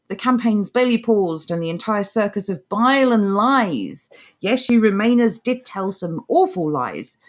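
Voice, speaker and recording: Sarcastic woman reading and mocking. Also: mid-range voice. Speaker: podcast co-host. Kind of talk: casual opinion chat, reading articles aloud.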